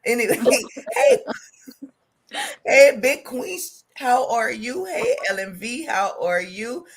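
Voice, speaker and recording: Animated female stream co-host, higher voice, casual banter with viewers. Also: slow pace, slightly rough. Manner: lively, animated shout-outs to chat. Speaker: co-host of a live commentary stream. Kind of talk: casual live-stream chat, greeting viewers.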